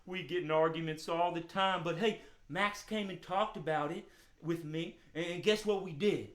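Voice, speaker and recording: A man voicing an excitable, friendly male hound dog puppet on a children's show, talking in halting, stammering bursts. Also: a little high, reverberant, close to an everyday voice. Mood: mellow.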